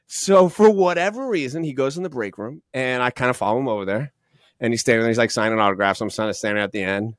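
A man's voice: mid-range voice, fast talker, no room sound, studio quality. A man, an actor guest, telling stories in a casual podcast chat and acting out the voices of people he quotes. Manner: animated, acts out quoted voices. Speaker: guest, actor and radio host.

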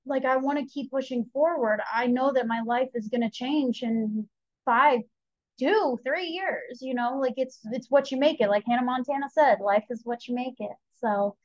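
A young woman telling her own story as a podcast guest, chatty and animated, acting out what she and others said. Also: sits high, moderate pace, no echo. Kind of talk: candid personal storytelling. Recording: slightly dull lo-fi audio.

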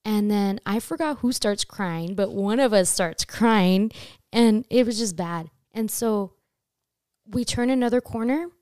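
An animated young woman tells a story on a casual chat show, swearing freely and leaping up in pitch when she acts out her own panic. Her voice is mellow and warm. It sounds dry and close, with no room echo. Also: unhurried, clear, resonant tone. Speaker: podcast host telling a story.

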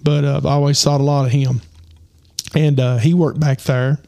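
A man telling a rambling personal story with lots of fillers, his voice getting hoarse. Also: medium pitch, little pitch movement, normal speed, dark tone, no echo, clean studio sound. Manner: rambling, many fillers and restarts. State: losing his voice. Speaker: podcast host. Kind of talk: casual storytelling.

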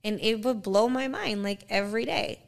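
A woman with a somewhat high voice tells a personal faith story on a podcast. She talks casually and earnestly, full of fillers like "like" and "you know". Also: normal speed, gravelly. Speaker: podcast guest.

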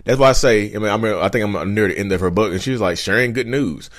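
Man, 30s, lower-voiced vlog host, animated casual commentary. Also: quick pace. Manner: animated, repeats himself, addresses viewers as y'all. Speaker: YouTube host.

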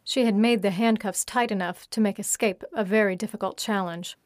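A woman reads an audiobook in a steady, even voice. Her pitch sits in a medium range. The recording is dry and close. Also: fairly quick, no echo. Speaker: narrator. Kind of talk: audiobook narration.

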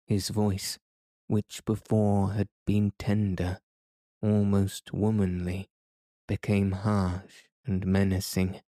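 Sleepy bedtime story guy, super slow and low, dry close sound. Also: no echo. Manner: calm, soothing. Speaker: sleep podcast narrator. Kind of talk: scripted bedtime story reading.

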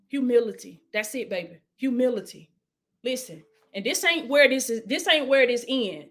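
Woman preacher with a high voice, casual sermon delivery that swings between urging and soft prayer. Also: animated, normal speed. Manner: preaching with call-and-response, dropping to hushed prayer.

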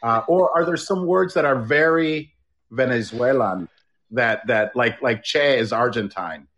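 A man's voice: medium pitch, measured pace, a bit bright. A man hosting a casual chat, joking and self-deprecating, tossing in playful questions. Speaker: host. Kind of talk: casual live-audio chat.

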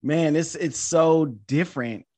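A man hosting a podcast interview, asking questions and chatting with quick asides. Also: fairly high pitch, dark tone. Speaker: podcast host. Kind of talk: casual interview chat.

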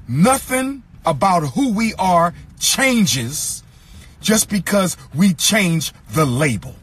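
A man giving an impassioned speech, repeating lines in an emphatic rhythm and sometimes singing or shouting phrases. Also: high voice, lively intonation, slow, slightly rough. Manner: occasionally sings or shouts phrases. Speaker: speaker addressing an audience.

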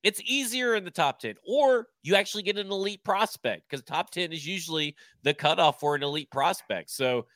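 A man's voice: high voice, lively intonation, moderate pace, few pauses, a bit bright, no echo. A man co-hosting a casual sports podcast, giving blunt, emphatic opinions. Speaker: podcast co-host.

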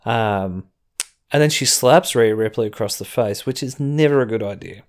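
A man's voice: on the low side, moderate pace. Chatty Australian man recapping wrestling. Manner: chatty, rambling, chuckling asides. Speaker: podcast host.

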